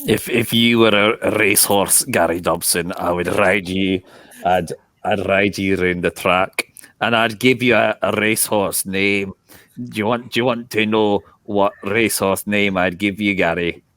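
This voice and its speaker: A man doing a put-on, non-specific Scottish accent as an improv panelist, stammering with deadpan bravado. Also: fairly low pitch, normal speed, no echo, clean studio sound. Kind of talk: improvised comedy.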